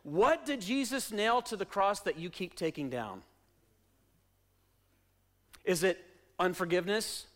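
A male pastor preaching a sermon in a church, using repeated questions and refrains and swinging between soft and loud delivery. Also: high voice, lively intonation, unhurried, long pauses. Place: church sanctuary.

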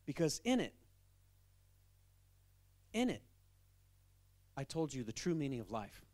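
A man voicing God as a patient, calm father figure who talks in an unhurried, gently chiding way. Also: mid-range voice.

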